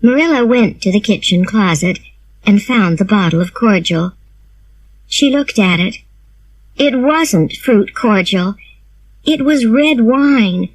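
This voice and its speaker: A woman reading a simplified storybook aloud, slow, clear and expressive. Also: mid-range voice, dry recording. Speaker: narrator.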